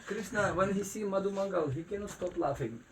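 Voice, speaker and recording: A man giving a devotional talk in a house, telling stories in an animated way with frequent laughter. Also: high-pitched, brisk, a crowd in the background. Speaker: spiritual teacher. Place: private house.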